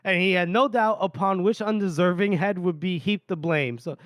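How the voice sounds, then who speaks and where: A man's voice: high voice, fairly even intonation, normal speed, smooth, dry recording. Man retelling a book with laughter. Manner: laughs often while retelling, voices characters lightly. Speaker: podcast host. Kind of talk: casual book recap with read-aloud passages.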